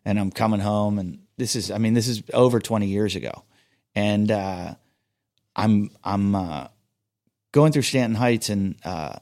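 A man's voice: on the low side, measured pace, a little mellow. A man telling a long story in casual podcast chat, rambling, swearing and mocking himself.

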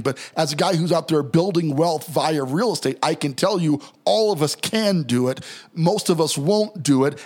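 A man hosting a casual podcast from a downtown studio as a real estate coach, relaxed and joking, often restarting his sentences. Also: fairly high pitch. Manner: laid-back, joking, talks through ideas with restarts.

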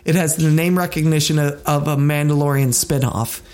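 A podcast co-host talking casually in a rambling, animated way. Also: mid-range voice, moderate pace.

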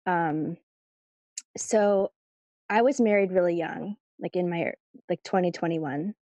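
A woman's voice: lowish voice, warm tone, no room sound, highs cut off. A woman telling a personal story in a casual, chatty way, full of "like" and "you know".

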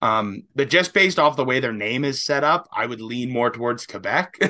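Bright tense canadian guy co-hosting a podcast, rambly, laughs a lot. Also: medium pitch, lively intonation, moderate pace. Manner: rambling, swears casually, laughs often. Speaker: podcast co-host. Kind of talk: casual chat.

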